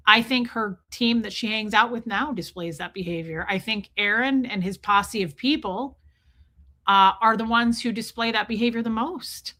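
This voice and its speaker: A woman hosting a livestream, talking fast and emphatically, repeating herself and breaking off to thank viewers in the chat. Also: on the high side, pushed and bright. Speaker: livestream host. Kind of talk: casual livestream commentary.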